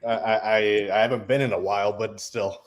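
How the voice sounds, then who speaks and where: A man's voice: lowish voice, fairly even intonation, brisk. A man in casual sports chat, laid-back, laughing along and shrugging off teasing.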